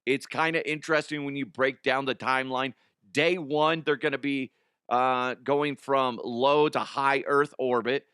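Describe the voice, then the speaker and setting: Bright-voiced joking comedy show host, a man. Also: mid-range voice, steady tone, unhurried, clear, resonant tone, no room sound, studio quality. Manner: crude, joking, exasperated. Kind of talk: irreverent comedy banter.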